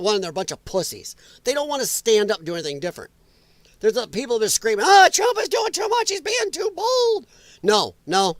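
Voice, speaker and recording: A man's voice: high-pitched, no room sound. A man from Illinois hosting a political commentary livestream, ranting and sarcastic with crude language. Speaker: host.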